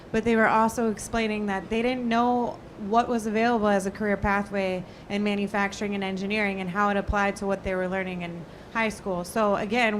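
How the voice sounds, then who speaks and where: A woman speaks as a guest on a live trade show panel, earnest and enthusiastic. Her voice sits at a middle pitch. A low rumble of noise runs faintly behind her. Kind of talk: casual panel chat. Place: trade show lounge studio.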